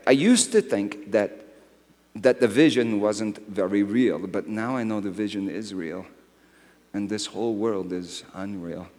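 An actor playing aged Simeon in a dramatic first-person monologue, impassioned and rising to shouts. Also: male voice, low-pitched. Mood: weary. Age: older. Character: aged devout man, weary then awestruck. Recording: reverberant hall.

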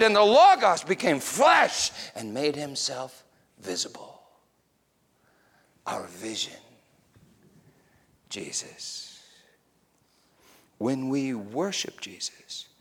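A man preaching a sermon, moving between quiet reflection and excited, animated storytelling. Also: fairly low pitch. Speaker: pastor.

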